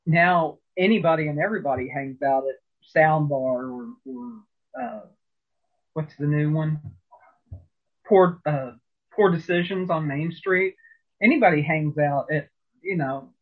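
In a casual storytelling interview, a man with a husky, somewhat high voice rambles chattily, full of fillers and restarts. The audio is narrow and phone-like.

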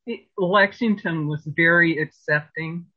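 A man's voice: a little high, measured pace. A man in an interview telling stories in a rambling, chatty way, with lots of fillers and restarts. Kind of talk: casual storytelling interview. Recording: phone-like narrow sound.

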